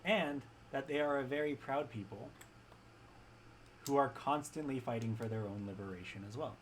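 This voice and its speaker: A man's voice: mid-range voice, normal speed, a little hiss or hum, poor audio. A man talking casually and enthusiastically about fiction, rambling with restarts and often checking in with "right?". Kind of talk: casual chat.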